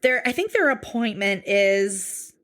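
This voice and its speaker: A woman co-hosting a podcast, chatting casually as she recaps a TV episode, animated and a bit sweary, often acting out what people said. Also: mid-range voice, takes it slowly. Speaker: podcast co-host.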